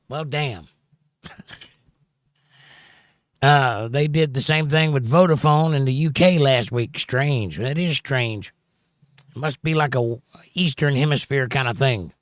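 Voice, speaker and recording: A man's voice: medium pitch, unhurried, pauses often, no room sound, clean studio sound. A middle-aged man hosting a live stream, chatting casually with his viewers in a sarcastic, joking, folksy way.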